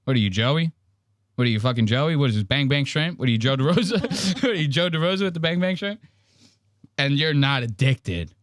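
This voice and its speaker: A man's voice: a little high, brisk, no room sound, studio quality. A man hosting a casual podcast, telling crude stories with lots of laughing. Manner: animated, laughing, crude storytelling. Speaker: podcast host. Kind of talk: casual chat reacting to clips.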